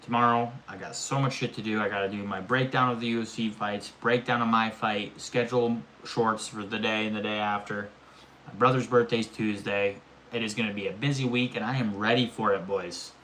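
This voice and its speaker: Low-voiced young man telling a rambling story. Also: brisk, slight background noise. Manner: rambling animated storytelling with frequent swearing. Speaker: streamer. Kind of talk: casual live-stream chat.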